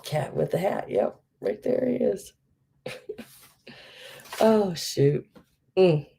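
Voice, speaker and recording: A woman's voice: on the low side, expressive, slow, vocal fry, dark tone, slight background noise. A middle-aged woman hosting a live vintage sale, chatting casually with many fillers and laughing at herself. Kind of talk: casual live-stream selling.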